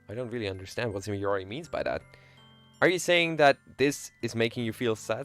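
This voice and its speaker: A man's voice: medium pitch, a little fast, a bit bright, faint music behind. A young man streaming, reading a visual novel aloud in a playful, joking way and chatting with viewers.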